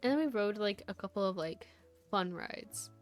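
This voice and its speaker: A woman's voice: mid-range voice, lively intonation, moderate pace, soft background music. A woman VTuber chatting casually to her stream viewers, rambling through a story with lots of laughs and fillers.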